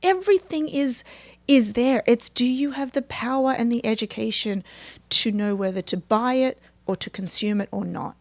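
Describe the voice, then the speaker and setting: A woman's voice: on the high side, moderate pace, dry recording. A woman, a guest talking emphatically and animatedly in a casual podcast conversation. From Australia.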